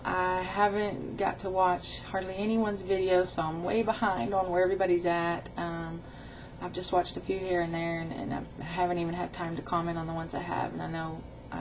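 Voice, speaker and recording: A middle-aged woman with a lowish voice tells a rambling, chatty story into her webcam. The audio is dull and lo-fi, with a faint hiss underneath. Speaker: weight-loss vlogger. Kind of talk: casual video diary.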